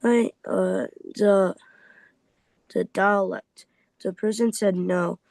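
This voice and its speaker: Slow, halting man reading aloud. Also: high voice, fairly even intonation, gravelly, a little mellow, dry recording, poor audio. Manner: stumbles over words, slow restarts. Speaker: student reading aloud in a Bible class. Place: church Bible class.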